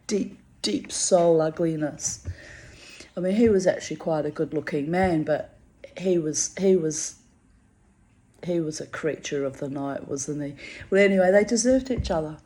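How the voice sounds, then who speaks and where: A woman's voice: lowish voice, warm tone. A woman telling a personal story in a candid spoken monologue, dramatic and profane, drawing out words for emphasis. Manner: theatrical and profane, with drawn-out emphasis.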